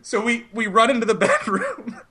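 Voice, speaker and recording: A young man on a podcast telling a long story in a casual, animated way, often laughing as he talks. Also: very high voice, moderate pace, slight background noise. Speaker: podcast co-host.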